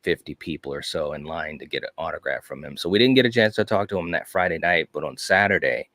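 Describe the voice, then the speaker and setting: Deep-voiced male co-host, enthusiastic rambling storyteller, dry close sound. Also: fast, fairly bright tone, no echo. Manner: enthusiastic storytelling, frequent "you know". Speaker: podcast co-host. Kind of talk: casual chat.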